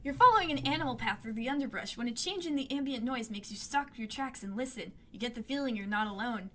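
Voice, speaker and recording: A woman hosting a gaming video, reading the game's story text aloud and breaking into excitable, squealing reactions. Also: fairly high pitch, fast talker, a little hiss or hum.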